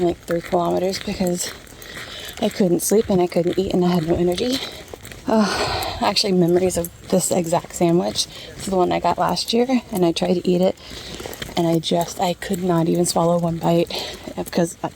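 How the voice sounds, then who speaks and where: A woman's voice: lowish voice, creaky, a little mellow, a little hiss or hum. A woman vlogging outdoors as she walks a trail, talking candidly and laughing often into a handheld camera. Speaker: vlogger hiking a long-distance trail. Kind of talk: casual vlog chat.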